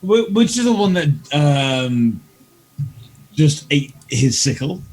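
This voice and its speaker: A man playing in a tabletop game, halting as he talks through his move. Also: on the high side, big pitch swings, darkish tone, rough recording. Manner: halting, stumbles over his turn. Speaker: player. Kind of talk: casual tabletop game chat.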